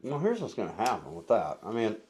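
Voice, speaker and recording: A man's voice: lowish voice, wildly swooping pitch, a little fast, darkish tone, a little hiss or hum. A man co-hosting a casual chat while sampling drinks, talking in a rambling, playful way. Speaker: co-host.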